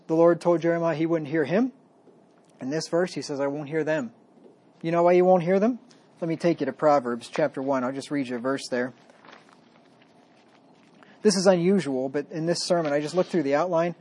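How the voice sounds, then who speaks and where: A man preaching a sermon, reading verses with raised emphasis and dropping to low, folksy asides. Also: a little mellow. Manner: folksy, self-deprecating asides.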